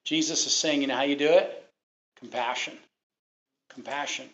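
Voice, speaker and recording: Preacher guy with a highish voice, punchy and repetitive, quizzing the congregation, muffled lo-fi recording. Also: steady tone, fast talker. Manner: emphatic, repeats phrases, asks the congregation questions. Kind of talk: sermon. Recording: dull lo-fi recording.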